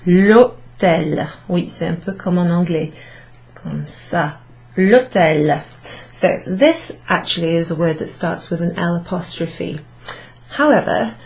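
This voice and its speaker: A woman's voice: fairly low pitch, low-quality recording. A woman from Wales teaching a beginners' French lesson, explaining patiently step by step with frequent ums and questions to her students. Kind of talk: classroom summary lesson.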